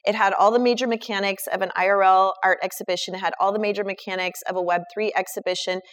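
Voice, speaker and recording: A woman's voice: medium pitch, fairly even intonation, fast talker. A woman, talking casually in an online audio chat and eagerly recommending people and resources. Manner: enthusiastic, emphatic, recommends people one by one. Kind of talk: casual chat giving advice.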